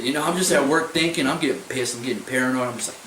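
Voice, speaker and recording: Casual young male vlogger, rambling and profane, mid-pitched, echoey distant room sound. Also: very animated, very fast, a bit bright. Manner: rambling, profane, repeats "I was like" a lot. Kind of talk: casual storytelling vlog. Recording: echoey room, mic at a distance, faint noise.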